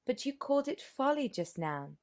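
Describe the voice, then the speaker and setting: A woman voicing an earnest, impatient young gentleman who presses his questions insistently. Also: sits high, very animated, normal speed, pitched above the performer's own voice.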